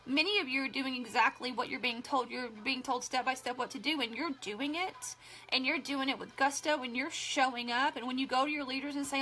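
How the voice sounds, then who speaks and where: A young adult woman talking straight to her viewers in a casual live video, chatty and emphatic, full of "like" and quick restarts. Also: high voice, sharp tone. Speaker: social media coach.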